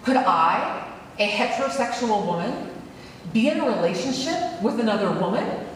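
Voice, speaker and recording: A woman delivers a storytelling keynote with a high, lively voice that leaps up at the dramatic turns. She is heard from far off in a large conference hall, with strong echo and a long reverb tail. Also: normal speed, slight background noise. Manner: animated storytelling, voice climbs high at dramatic moments. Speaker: keynote speaker.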